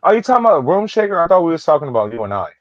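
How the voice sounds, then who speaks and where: A man's voice: fairly high pitch, very animated, rapid-fire, no echo. A man from California, a guest on a live stream, telling a story in a laid-back way and laughing things off. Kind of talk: casual live stream chat. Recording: dull, lo-fi call-in audio.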